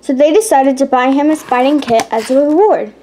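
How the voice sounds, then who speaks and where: A woman's voice: sits high, normal speed, dark tone, a little hiss or hum. A woman reading a children's chapter book aloud, carefully, with stumbles and self-corrections. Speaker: channel host.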